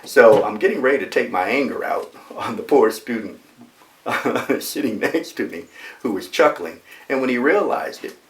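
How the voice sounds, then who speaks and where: A man's voice: medium pitch, normal speed. Man in his sixties telling a story in a roomy hall. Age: 60s. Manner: animated storyteller with emphatic repetition. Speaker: motivational speaker. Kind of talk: personal storytelling speech. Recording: roomy echo, mic far off.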